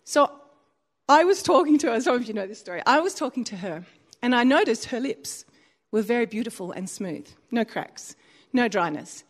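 At a moderate pace, a woman gives a church sermon full of animated stories. She laughs a lot, and her voice rises and falls dramatically.

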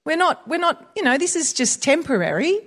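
A woman's voice: sits high, sing-song, brisk, fairly bright tone. A woman preaching in a chatty, conversational way, mixing scripture with personal stories. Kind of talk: conversational sermon.

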